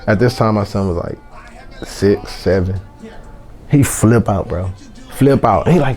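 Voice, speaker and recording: A man's voice: on the low side, measured pace, a little mellow, faint music behind. A man from San Antonio, a rapper, talking bluntly and profanely as an interview guest. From San Antonio, Texas. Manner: blunt and profane, heated storytelling. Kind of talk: casual interview chat.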